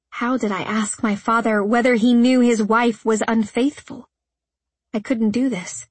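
A woman narrating a first-person audiobook in an earnest, emotional tone. Her voice sits a little high and has a husky, breathy grain. The recording is close and dry. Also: steady tone, unhurried, no echo.

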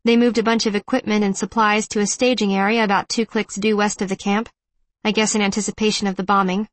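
A cool, guarded teenage girl soldier speaks in short, flat lines, as a woman reader puts her on. The audiobook sound is dry and close, with no room around the voice. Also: medium pitch, fast talker, no echo, close to an everyday voice. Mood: terse.

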